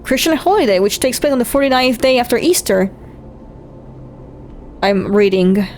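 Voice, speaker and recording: A woman's voice: a little high, lively intonation, moderate pace, a little mellow, a little hiss or hum. A woman streamer who chats casually, swears freely and reads game text aloud. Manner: swears freely, rambling and incredulous.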